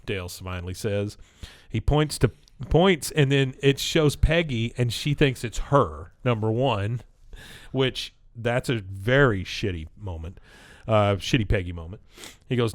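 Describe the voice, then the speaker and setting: A podcast co-host walks through a cartoon episode scene by scene, jumping into a higher, louder voice whenever he quotes the characters. His tone is smooth and clear, and the sound is dry and close with no room around it. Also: normal speed, dry recording. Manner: retells scenes, acting out characters' lines in raised voices. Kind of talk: casual episode recap chat.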